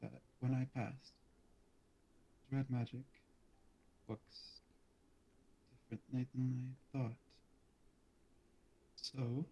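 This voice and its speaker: A man's voice: mid-range voice, flat delivery, extremely slow, pauses often, warm tone, low-quality recording. Earnest man role-playing at the table. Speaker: tabletop game player. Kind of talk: in-character tabletop role-play.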